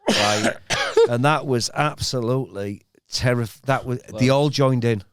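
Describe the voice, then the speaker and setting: A middle-aged man with a Hull accent, telling animated, rambling stories in a casual podcast chat. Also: unhurried, clear, resonant tone, no room sound. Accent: Hull, East Yorkshire. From Hull, England. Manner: animated, rambling storyteller with sudden pitch jumps. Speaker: podcast host.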